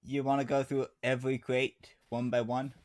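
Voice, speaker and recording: A man's voice: mid-range voice, flat delivery, moderate pace. Man narrating as game master.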